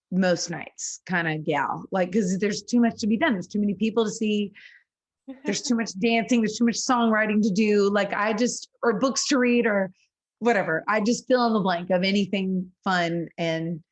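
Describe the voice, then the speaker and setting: A woman in her thirties talks with a songwriter's earnestness, her voice at a middle pitch. She speaks in a lively, conversational way and breaks into quick laughs. Her sentences are full of casual fillers. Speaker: singer-songwriter guest.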